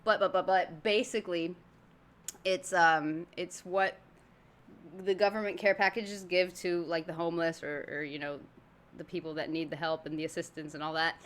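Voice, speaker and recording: A woman's voice: fairly low pitch, steady tone, normal speed. A woman from Argentina giving chatty, laughing reaction commentary as a video host. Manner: chatty, laughing, thinking aloud.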